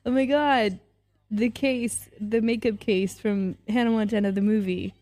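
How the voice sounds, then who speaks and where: Young adult woman, podcast host, casual reaction talk, gushing and excitable, slow delivery. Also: fairly high pitch. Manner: gushing and excitable, repeating exclamations.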